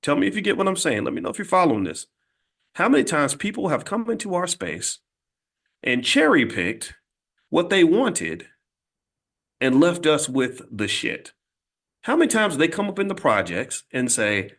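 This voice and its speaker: A man's voice: on the high side, very animated, moderate pace, fairly bright tone. Blunt, emphatic man telling stories. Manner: blunt, emphatic, conversational with frequent restarts. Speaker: host. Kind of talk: casual monologue storytelling.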